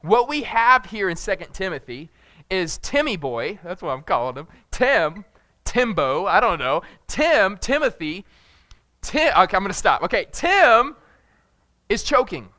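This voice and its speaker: A young man preaching a casual sermon, telling rambling, jokey family stories and loudly acting out moments of panic. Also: high-pitched, sing-song, a little slow, no echo. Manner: jokey, rambling storyteller who shouts acted-out panic. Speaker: pastor.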